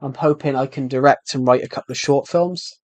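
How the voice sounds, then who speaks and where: A young man from the UK with a thick, strongly rhotic regional British accent, chatting casually on a gaming live stream and talking slowly on purpose, with many restarts. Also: medium pitch, steady tone, dry recording. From United Kingdom. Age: young adult. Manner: deliberately slow, many restarts. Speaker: game streamer.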